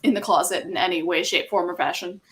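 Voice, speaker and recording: A woman's voice: lowish voice, fairly even intonation, quick pace, a little hiss or hum. A woman chatting as a guest in a casual group talk, bubbly and swearing now and then.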